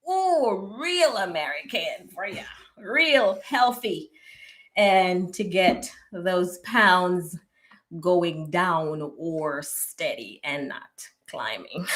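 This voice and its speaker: A woman's voice: on the low side, lively intonation, takes it slowly. A woman hosting a casual live-stream chat, laughing often, greeting viewers by name and dropping to a near whisper for asides. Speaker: host of a live relationship podcast.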